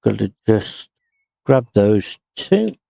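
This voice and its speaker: A man streaming a house-renovation game, muttering slowly to himself as he places items. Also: fairly low pitch, very animated, creaky, warm tone, dry recording. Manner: slow, muttering to himself while working. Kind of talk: casual gameplay commentary.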